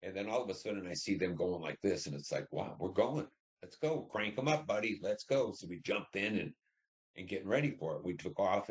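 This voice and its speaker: A man in his seventies, a Vietnam War veteran, telling his wartime memories in an oral history interview and acting out the dialogue as he goes. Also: low-pitched. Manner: plain storytelling, acts out dialogue.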